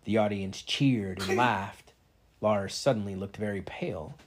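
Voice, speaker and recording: A man's voice: lowish voice, a little slow. A man reading a novel aloud, narrating steadily in the first person. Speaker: reader.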